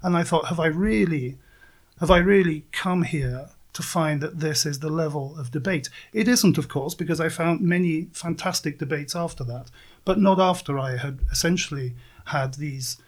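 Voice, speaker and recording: Emphatic man with a higher voice. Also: normal speed. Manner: emphatic, argumentative. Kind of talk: casual political chat.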